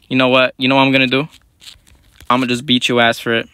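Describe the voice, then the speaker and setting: A young man giving live gameplay commentary in quick, slangy, profane banter as a gaming YouTuber. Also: medium pitch, monotone, pushed and bright, clean tone.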